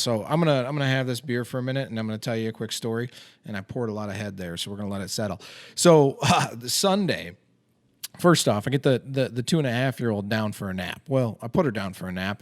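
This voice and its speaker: A man's voice: mid-range voice, no echo. Chatty man telling stories over a beer. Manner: chatty storyteller, self-deprecating, frequent fillers. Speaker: podcast host and financial advisor. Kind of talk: casual chat over a beer.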